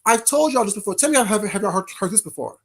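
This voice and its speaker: A man running a casual livestream fires back at his chat heatedly, repeating phrases. His high voice is husky and expressive, and he talks fast.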